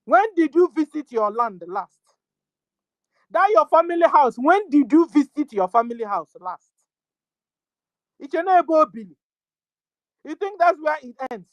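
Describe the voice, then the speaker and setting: A woman with a Nigerian accent giving an impassioned political address, scolding her listeners over and over and rising to shouts. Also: sits high, no echo, rough recording. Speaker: activist speaker.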